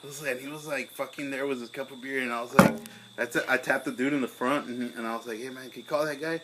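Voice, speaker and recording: A young man, co-hosting a casual podcast over beers, telling a profane story and acting out his own angry shouting. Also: medium pitch, steady tone, fast talker, very noisy. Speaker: podcast co-host.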